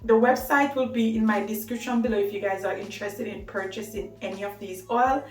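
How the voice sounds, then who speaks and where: Speaking a little fast in a medium-pitched voice, a woman chats casually to camera about hair care, full of enthusiasm and frequent laughter. Faint music plays, and the distant mic picks up a roomy echo.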